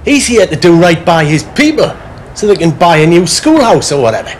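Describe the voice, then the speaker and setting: A decent, conscientious workman who speaks earnestly and doubtfully. His voice sits high and moves a great deal. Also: very animated, fairly quick, a little hiss or hum. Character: decent, conscientious working man.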